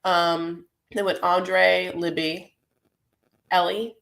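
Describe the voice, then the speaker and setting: A woman hosting a casual live recap, chatting loosely and rambling from one thought to the next. She fills her talk with "like" and "you know" and keeps breaking off into quick asides. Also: on the low side, fairly even intonation, creaky, fairly bright tone. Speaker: host.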